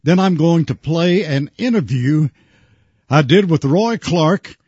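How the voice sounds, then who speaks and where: Folksy husky radio host. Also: male voice, a little high, expressive, slow, darkish tone, dry recording, lo-fi sound. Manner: folksy storytelling. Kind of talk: on-air reminiscing.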